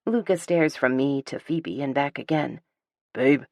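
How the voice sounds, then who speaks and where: A woman narrating a first-person romance audiobook in a low, dark voice. Her delivery is dry and sardonic, unhurried and measured. The recording is close-miked and completely dry, with no room sound. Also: no room sound.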